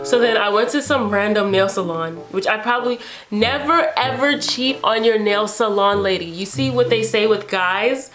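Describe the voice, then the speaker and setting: A woman's voice: medium pitch, normal speed, faint music behind. Chatty young woman telling a storytime. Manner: animated, repeats herself, acts out her own reactions. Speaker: beauty vlogger. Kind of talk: casual storytime.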